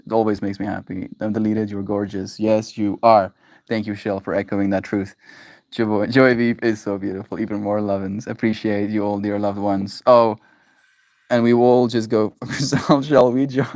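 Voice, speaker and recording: A man's voice: on the low side, darkish tone, dry recording. A man hosting his daily livestream, chatting affectionately with viewers in a rambling, playful way, giggling and tossing in silly made-up words. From Canada. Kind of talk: casual livestream chat with viewers.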